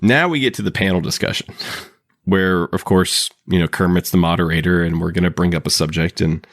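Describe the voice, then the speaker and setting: A man's voice: deep voice, brisk, no echo, clean studio sound. A man hosting a podcast in casual chat, talking loosely with frequent laughs and restarted sentences. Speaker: podcast host. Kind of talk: casual chat recapping a TV episode.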